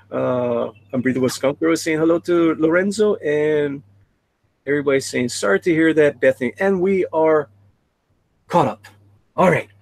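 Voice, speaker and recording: Stream host, male, gravelly, dry close sound, chatty chat-reader. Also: fairly high pitch, a little slow, pauses often, a little mellow, dry recording, low-quality recording. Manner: reads chat messages aloud, chatty. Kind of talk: casual live stream chat.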